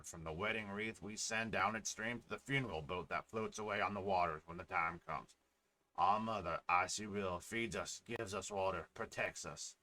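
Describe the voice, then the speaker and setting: A man's voice: low-pitched, pushed and bright. A man voicing a friendly middle-aged village fisherman, talking in a plain, homely way.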